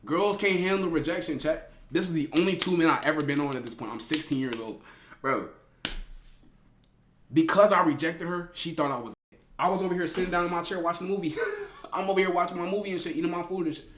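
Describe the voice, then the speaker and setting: Young man, raised voice, slangy, laughing, loud then hushed, roomy echo. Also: on the high side, fast, slight background noise. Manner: animated, slangy, laughs often, swings between loud and hushed. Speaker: streamer telling a story to live chat. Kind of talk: casual storytime to chat.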